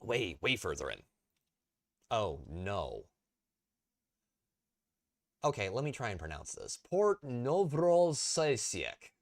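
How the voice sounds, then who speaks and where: A man's voice: low-pitched, sing-song, slow pace, pauses often, fairly bright tone. A young man streaming a tank game, tired and rambling in a self-deprecating way while talking to his chat. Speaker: gaming streamer. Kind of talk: casual live-stream commentary.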